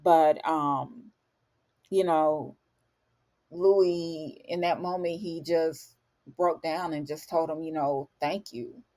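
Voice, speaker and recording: A woman's voice: low voice, fairly even intonation, slow, dark tone. A woman casually recapping a show episode for viewers, chatty and emotional, with frequent fillers and asides to the audience.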